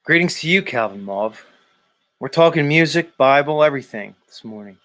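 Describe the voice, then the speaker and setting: A man's voice: a little high, lively intonation, normal speed, fairly bright tone. A man in his forties hosting a live stream, loosely bantering with viewers, greeting them by name and swearing now and then. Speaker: livestream host. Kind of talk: casual chat reading viewer comments.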